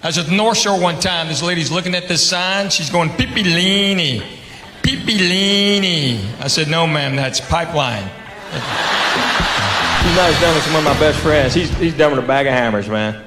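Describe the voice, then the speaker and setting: A man with a Southern US accent doing stand-up comedy on a club stage, telling stories in a deadpan drawl and acting out the quotes. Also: a little high, a little fast, music in the background. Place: comedy club stage before a live audience. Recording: roomy live venue with audience laughter.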